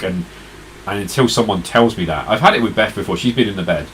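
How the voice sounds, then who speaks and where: Man, very deep voice, tired, rambling stream chat, faint air conditioning hum. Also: quick pace, a bit bright, low-quality recording. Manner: rambling, chatty, talks to viewers in chat. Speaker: retro gaming live streamer. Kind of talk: casual live-stream chat.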